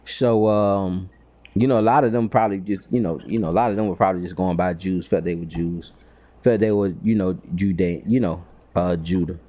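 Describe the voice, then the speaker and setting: A man's voice: low voice, steady tone, brisk, dark tone. A man leading a casual Bible study, talking in a loose, rambling way with many fillers.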